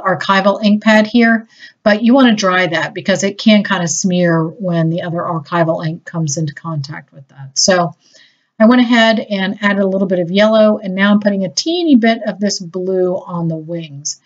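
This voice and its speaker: A woman chatting enthusiastically through a casual craft tutorial, a little self-deprecating. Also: fairly low pitch. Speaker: crafting demonstrator. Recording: slightly dull lo-fi audio.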